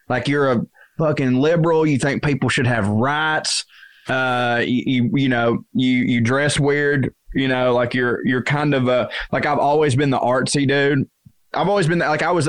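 A man's voice: medium pitch, dry recording. A man in his thirties talks in a loose, rambling, candid way, often poking fun at himself. His voice sits in an ordinary middle range. The sound is dry and close. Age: 30s. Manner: candid, rambling, self-mocking. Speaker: comedian guest. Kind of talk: casual podcast conversation.

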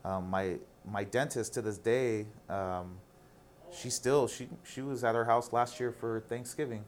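A man's voice: medium pitch, steady tone, measured pace, slight background noise. A man in his thirties, a guest on a casual interview, telling stories candidly and animatedly, with some casual swearing.

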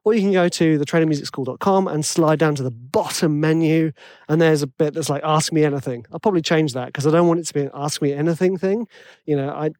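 A man's voice: a little high, fast, darkish tone, no room sound. A man with a tenor voice hosting a podcast, rambling and self-deprecating in casual chat full of fillers. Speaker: podcast host.

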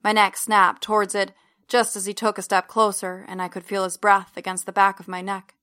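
Woman narrating a story in an even voice. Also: mid-range voice, moderate pace. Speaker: audiobook narrator. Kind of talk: first-person fiction narration.

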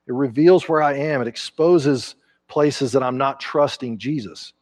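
A man, a pastor preaching a conversational sermon in a church, growing animated as he acts out quotes. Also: medium pitch, a little slow. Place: church sanctuary.

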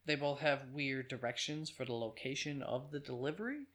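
A man's voice: medium pitch, normal speed, a bit bright, a little hiss or hum. A man narrating a casual film review with chatty, offhand asides.

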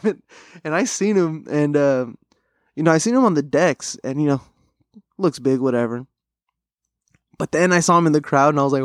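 A man's voice: medium pitch, normal speed, no room sound, studio quality. A man hosting a podcast, telling a story in a casual, slangy, heavily profane way. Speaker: podcast host. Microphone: studio mic.

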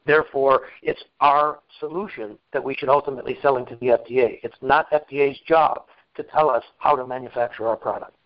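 A man's voice: mid-range voice, steady tone, fairly quick, no echo, highs cut off. A man explaining regulatory matters carefully in casual chat, with many fillers and restarts. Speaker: regulatory expert host.

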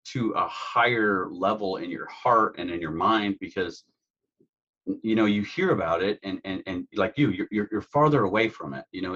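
A man's voice: lowish voice, a bit bright, slightly rough. A man speaking as an interview guest about his true crime work, earnest and heartfelt, on dull lo-fi audio. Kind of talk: conversational interview.

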